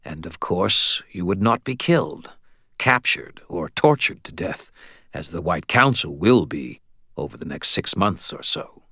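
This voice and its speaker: A man voicing a coolly polite, formal male vampire envoy in an audiobook, measured and speaking in the royal we. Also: sits low, expressive, vocal fry, bright, forceful tone, slightly rough, dry recording, clean studio sound, full character voice. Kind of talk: audiobook character voice.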